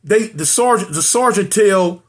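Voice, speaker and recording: Lively high-voiced man telling a story. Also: unhurried. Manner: animated, repeats phrases, acts out quotes. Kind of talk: casual prison storytelling.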